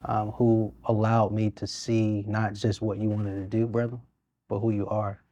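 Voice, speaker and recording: A man's voice: fairly low pitch, level tone, unhurried, warm tone, dry recording. A man, a mayor speaking earnestly and steadily in a studio interview. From Birmingham, Alabama. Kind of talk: interview conversation.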